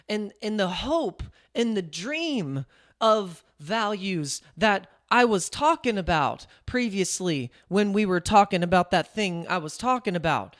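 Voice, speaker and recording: A man's voice: high-pitched, a bit bright, heavily acted. A man doing a comic impression of a female politician who circles and repeats herself without ever getting to the point. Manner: circling, repetitive, hesitant phrasing.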